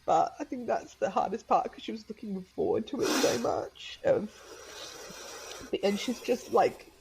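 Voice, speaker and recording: A woman's voice: mid-range voice, unhurried, gravelly, darkish tone, slight background noise, rough recording. A woman in her thirties, a podcast guest, telling a personal story in a chatty way with many fillers and laughs, often quoting her young daughter in a raised voice.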